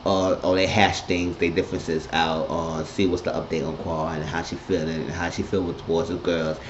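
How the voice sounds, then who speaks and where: A man recapping a TV episode in a casual monologue, blunt and profane, telling it with animated energy. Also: low-pitched, moderate pace, slight background noise. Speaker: TV episode reviewer. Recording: echoey, dull lo-fi room sound.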